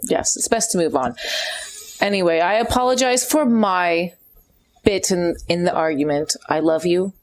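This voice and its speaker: A woman's voice: on the low side, moderate pace, natural voice. A woman voicing a controlling young bard and elder sister who writes the songs, speaking earnestly in role-play. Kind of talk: in-character tabletop role-play.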